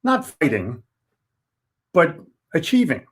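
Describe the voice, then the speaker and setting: A man's voice: fairly high pitch, huge pitch swings, takes it slowly, husky. An older man in his seventies from Philadelphia speaks in a raised register. He is a sales trainer giving a motivational talk, blunt and folksy, driving his points home by repeating key words. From Philadelphia, United States. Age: 70s.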